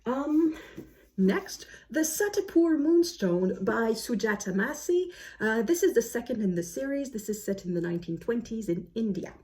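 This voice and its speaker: A woman's voice: on the high side, big pitch swings, moderate pace, mellow. A woman vlogger chatting casually about books she plans to read, full of fillers and self-corrections. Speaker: book vlogger. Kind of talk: casual book chat to camera. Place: home, snowy day outside.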